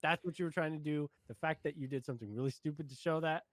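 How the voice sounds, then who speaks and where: A young man in a casual show review, talking in an easygoing, measured way with hedging fillers. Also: fairly high pitch, fairly bright tone, dry recording.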